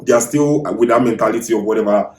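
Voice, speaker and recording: Nigerian man, podcast guest, lively anecdotes, roomy echo. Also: mid-range voice, quick pace. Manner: animated storyteller, repeats himself. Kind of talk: casual podcast chat. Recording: echoey room.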